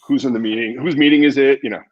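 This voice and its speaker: A man's voice: medium pitch, fast talker, muffled recording. A middle-aged man, a podcast guest, telling stories and acting out the dialogue of people in them. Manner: animated storyteller, acts out quoted dialogue. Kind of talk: storytelling in a podcast interview.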